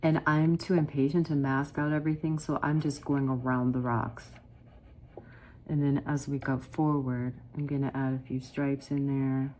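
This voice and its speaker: A middle-aged woman chatting warmly through a step-by-step watercolor painting lesson, often calling her viewers "guys". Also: rumbling low, level tone, moderate pace. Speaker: watercolor art teacher.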